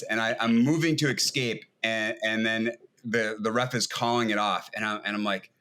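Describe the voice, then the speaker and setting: A man chatting as a guest on a podcast, relaxed and a little hesitant as he recalls events. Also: lowish voice, moderate pace, clean tone. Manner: relaxed, hesitant, swears casually. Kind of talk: casual chat.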